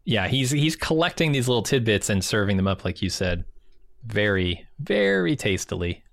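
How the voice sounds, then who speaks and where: Low-voiced man recapping plot casually. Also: very animated, moderate pace, creaky, a bit bright, dry recording. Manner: laid-back, recaps plot from notes, laughs often. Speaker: podcast co-host.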